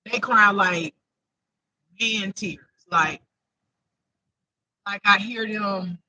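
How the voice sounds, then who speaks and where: An intuitive spiritual reader, a man with a high, pushed, bright voice who draws out his words, gives viewers an improvised reading. He is emotional, near tears, and repeats himself chattily; the audio is dull with no echo.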